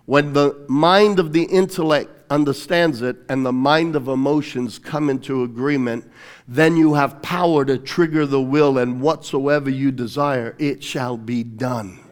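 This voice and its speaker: A man's voice: medium pitch, unhurried, smooth. A man preaching a sermon with fervent emphasis, leading his congregation in phrases to repeat after him. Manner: fervent, emphatic preaching, swinging between loud declarations and quieter teaching. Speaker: pastor.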